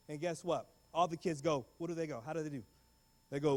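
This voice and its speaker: A man's voice: high-pitched, brisk. A young man giving a comedic guest talk to students, acting out scenes and slipping in Spanish words. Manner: animated, acts out every character, drops Spanish words. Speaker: guest speaker. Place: large school hall.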